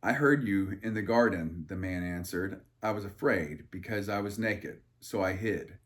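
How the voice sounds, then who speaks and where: A man's voice: low-pitched, moderate pace. A man reading a Bible passage aloud and breaking off into irreverent, crude joking asides, with a loose, rambling delivery full of fillers and restarts. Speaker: Bible study leader. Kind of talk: casual Bible reading with commentary.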